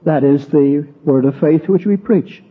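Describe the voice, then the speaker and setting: Husky male preacher on tinny tape. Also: on the high side, unhurried. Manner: walks through verses, stresses repeated words. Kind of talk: expository sermon with a personal story. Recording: tinny, narrow-band old recording.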